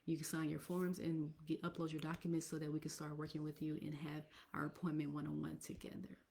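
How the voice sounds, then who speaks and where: Mellow-voiced woman hosting a casual live stream. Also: low-pitched, monotone, a little fast, creaky. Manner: chatty, addresses viewers directly, drops into whispers.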